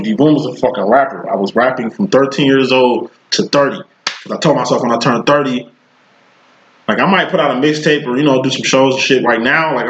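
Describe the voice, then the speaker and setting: A man's voice: medium pitch, a bit bright. Blunt, profane man in his thirties. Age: 30s. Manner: blunt, profane street talk. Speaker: psychic tarot reader. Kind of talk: casual tarot reading vlog. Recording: roomy, dull lo-fi sound.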